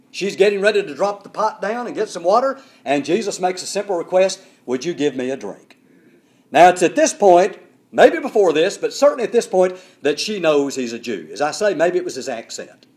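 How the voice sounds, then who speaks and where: Emphatic male preacher with lively pitch. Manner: emphatic, repetitive, slows down for emphasis. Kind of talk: sermon.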